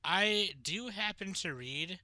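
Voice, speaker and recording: A man's voice: sits high, lively intonation, slow pace, pushed and bright, no echo. A young man hosting a podcast in casual chat, a little tipsy, jokey and swearing a lot. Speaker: podcast host.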